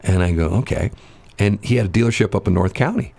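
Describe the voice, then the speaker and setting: St guy on morning radio, really low voice, rambles through stories and laughs a lot. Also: fast talker, creaky, a little mellow. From St. Louis area, Missouri. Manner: rambling storyteller, laughs often. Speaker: radio show host. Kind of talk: casual morning radio chat.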